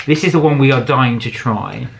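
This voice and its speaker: A man co-hosting a food vlog in a casual, rambling way, trailing off and restarting as he talks. His voice sits at an ordinary mid pitch. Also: normal speed, creaky, background noise. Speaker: vlog co-host. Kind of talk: casual chat.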